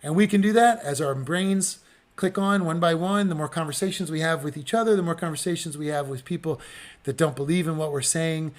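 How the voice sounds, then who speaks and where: A man hosting a podcast in casual livestream talk, answering listeners and making earnest, rallying appeals with many ums and restarts. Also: a little high. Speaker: podcast host.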